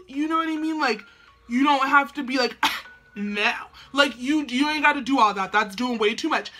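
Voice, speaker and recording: A woman's voice: high voice, pushed and bright. A young woman chatting casually to camera at home as she does her makeup, slangy and full of "like". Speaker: beauty vlogger.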